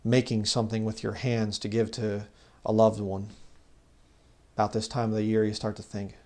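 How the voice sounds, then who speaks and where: A man giving an informal bible teaching, talking conversationally and growing louder when he reads scripture. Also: on the low side, flat delivery, moderate pace. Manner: conversational, rises loud when reading scripture; mocks legalists in put-on voices. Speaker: preacher.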